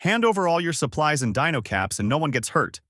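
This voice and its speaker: A man's voice: a little high, very animated, a little fast, fairly bright tone, dry recording, pitched above the performer's own voice. A cocky, long-haired desert bandit makes smug threats, voiced by a male narrator. The recording is dry and close. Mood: threatening.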